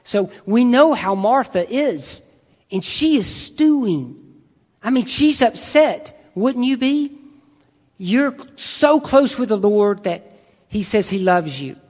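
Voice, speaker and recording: A man with a fairly high voice preaches slowly and deliberately. He talks to his listeners as if in conversation, leaning on rhetorical questions. His words ring out with a long reverb in a large church hall. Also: lively intonation, darkish tone. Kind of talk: sermon.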